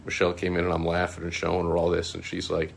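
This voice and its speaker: A middle-aged man, a small business marketing consultant, hosting a casual vlog and telling an animated story with chuckles. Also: fast, vocal fry, husky. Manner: animated, chuckling, breaks into mocking high-pitched quoted voices.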